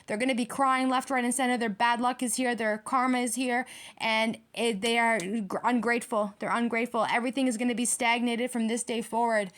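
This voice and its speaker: Fired-up woman tarot reader, higher voice. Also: steady tone, a little fast, a bit bright. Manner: heated, profane, repetitive ranting; addresses viewers directly. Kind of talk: tarot reading monologue.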